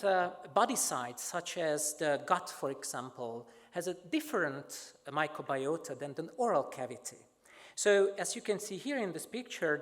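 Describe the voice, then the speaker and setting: Halting man lecturing in a reverberant hall. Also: a little high. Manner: halting, many filler sounds and restarts. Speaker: microbiology researcher giving a lecture. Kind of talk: academic talk with slides.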